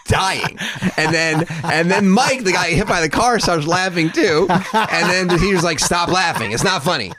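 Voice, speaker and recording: A man's voice: mid-range voice, fairly bright tone, dry recording. A man guesting on a podcast, telling stories in casual chat, laughing and swearing as he goes. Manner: laughs through stories, swears, acts out quotes.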